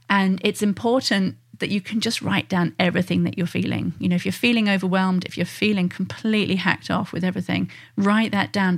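A woman, a parenting coach talking earnestly and reassuringly to parents, acting out the quotes she gives. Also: medium pitch. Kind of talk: direct-to-listener parenting advice.

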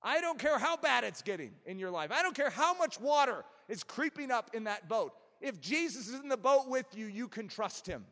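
Animated male preacher in an echoing hall. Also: extremely high pitch, moderate pace, few pauses. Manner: emphatic, animated preaching with self-deprecating humor. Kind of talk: sermon. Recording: long reverb of a large hall.

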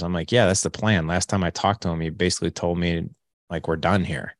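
A man's voice: low-pitched, fairly even intonation, a little fast, dry recording, clean studio sound. A man in his late forties, a podcast guest telling his life story candidly and acting out the dialogue with animation. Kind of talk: storytelling in an interview.

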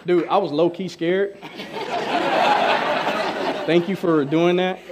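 A young adult man preaching a casual sermon, animated and joking, using slang and acting out conversations. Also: high-pitched, slow pace, a loud crowd, heavy background noise. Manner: animated, joking storyteller with slang, acts out dialogues. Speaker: pastor.

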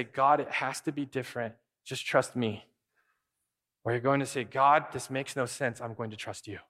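A man preaching a sermon as pastor, animated and acting out quick imagined dialogue. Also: medium pitch, big-room sound.

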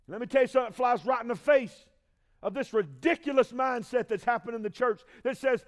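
A male pastor with a very high voice delivers a sermon full of call-and-response. He swings from shouted peaks to hushed, low asides, pressing the congregation for answers. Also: a little fast.

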